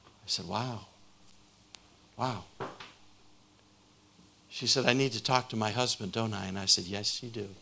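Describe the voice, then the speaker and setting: Male preacher, slow deliberate delivery, bright forceful tone, fervent sermon storytelling. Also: on the low side, fairly even intonation, gravelly, slight background noise.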